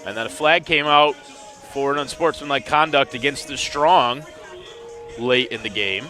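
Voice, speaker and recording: Bright-voiced wry football commentator man. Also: medium pitch, unhurried, soft background music. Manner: dry, wry remarks on officiating confusion. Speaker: play-by-play commentator. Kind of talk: sports commentary.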